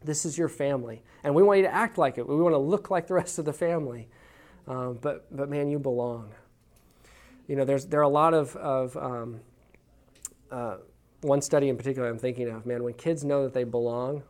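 In a church parenting class, a Texas man teaches through stories, earnest and folksy, restarting a lot along the way. His medium-pitched voice has a darkish tone and moves a little fast. The style is chatty, story-driven teaching.

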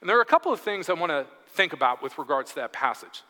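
Man, preacher, sermon, reads scripture then chats through it, bright tense tone, long hall reverb. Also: fairly high pitch, big pitch swings, fast talker. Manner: reads scripture, then conversational commentary acting out quotes.

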